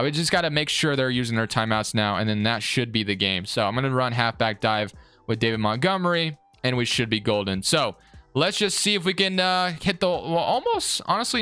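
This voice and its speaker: A young man giving live commentary on his own football video game, excitable and swinging between frustration and hype. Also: mid-range voice, smooth, no room sound. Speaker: gaming YouTuber.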